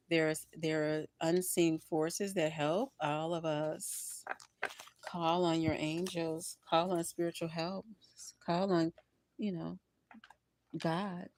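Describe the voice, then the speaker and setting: An older woman reading tarot on a livestream, expressive and preachy, often laughing and calling her listeners honey and baby. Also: deep voice. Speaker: tarot reader.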